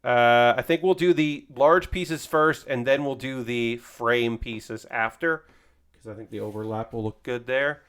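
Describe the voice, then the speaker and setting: A man's voice: mid-range voice, unhurried, fairly bright tone, clean tone. A man hosting a casual livestream, chatting while he builds a model kit, rambling along and swearing now and then. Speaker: livestream host.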